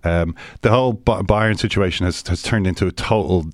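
A man's voice: low-pitched, a little fast, dry recording, studio quality. A man co-hosting a podcast, chatting casually about football in a rambling way and often restarting his sentences. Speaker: podcast co-host.

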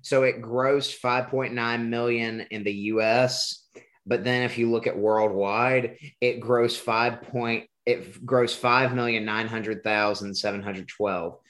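A man's voice: medium pitch, fairly even intonation, measured pace, fairly bright tone. A man hosting a podcast in casual chat, rambling and joking, often restarting his words. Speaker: podcast host.

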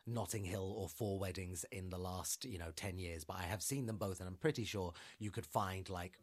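A man's voice: deep voice, moderate pace. A man co-hosting a podcast, chatting casually about films in a rambling way, full of fillers and restarts. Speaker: podcast co-host. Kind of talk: casual film chat.

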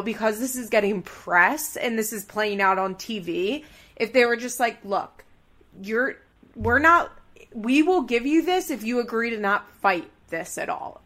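A woman co-hosting a casual podcast, chatting loosely with lots of fillers as she reasons out loud. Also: on the high side. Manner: chatty, many fillers, talks through hunches. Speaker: podcast co-host. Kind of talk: casual chat.

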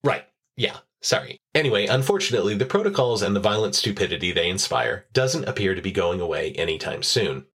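Husky low-voiced sardonic man. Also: big pitch swings, brisk, a bit bright. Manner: sardonic, profane commentary. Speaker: podcast host. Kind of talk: scripted podcast narration.

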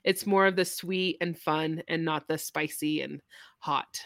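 A woman's voice: low-pitched, fairly even intonation, unhurried, a bit bright, no echo, clean studio sound. A woman co-hosting a podcast, recommending a book in casual, rambling chat with many fillers. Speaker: podcast co-host.

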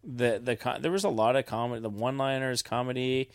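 A podcast co-host chats casually and enthusiastically, swearing now and then. His medium-pitched voice is fast, recorded with clean studio sound and no room noise.

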